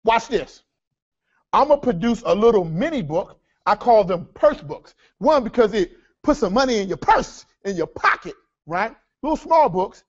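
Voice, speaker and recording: Man, high voice, lively seminar presenter, dull lo-fi room sound. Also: moderate pace, husky. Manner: energetic, addresses audience as folks, asks rhetorical questions. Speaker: seminar speaker. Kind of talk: live workshop teaching.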